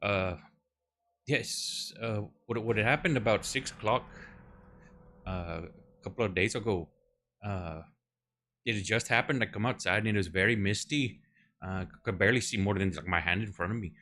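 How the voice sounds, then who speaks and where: A man's voice: fairly low pitch, normal speed, long pauses, sharp tone. A man voicing a nervous male cremation-ground keeper in a put-on Cockney accent, stammering and pleading. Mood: anxious.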